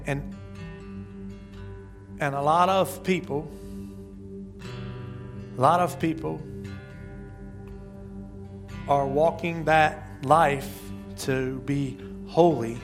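A man preaching a sermon as pastor, talking to the congregation conversationally, with restarts and sudden loud rises. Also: on the high side, steady tone, slow, long pauses, music in the background.

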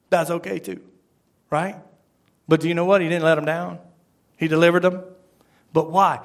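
A man preaching a sermon as pastor, acting out quoted lines and swinging between loud bursts and hushed asides. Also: on the high side, steady tone, moderate pace.

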